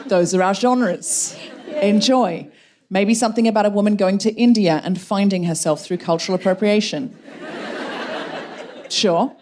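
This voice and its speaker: Wry, brisk woman hosting live. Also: medium pitch, background noise. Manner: brisk, wry, jokey delivery. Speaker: podcast host and writer. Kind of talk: live comedy podcast hosting. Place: live stage show in a London venue.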